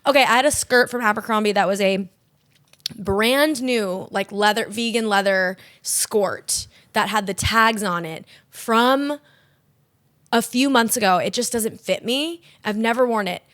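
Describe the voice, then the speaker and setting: A young woman co-hosts a podcast in casual chat, telling her stories with lively animation. She swears freely and acts out the lines of the people she describes. Her voice sits mid-range, recorded close and dry. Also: mid-range voice, measured pace, dry recording. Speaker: podcast co-host.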